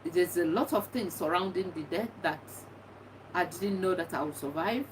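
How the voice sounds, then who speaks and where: A woman's voice: on the low side, moderate pace, recorded from a distance, background noise. A middle-aged woman earnestly telling a personal story of grief, repeating herself as she reflects. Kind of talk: personal testimony monologue.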